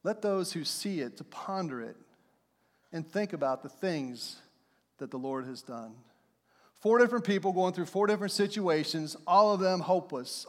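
A man preaching a sermon to his congregation in a lively storytelling manner, now and then acting out what people said. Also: fairly high pitch. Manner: storytelling, animated, acts out shouts and quotes. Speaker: pastor. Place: church sanctuary. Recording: long hall reverb.

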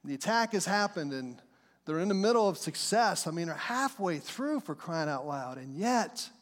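High-voiced fervent male preacher. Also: very animated, normal speed. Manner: fervent and conversational, asks the crowd questions. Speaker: pastor. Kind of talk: sermon. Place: church sanctuary. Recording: long reverb of a large hall.

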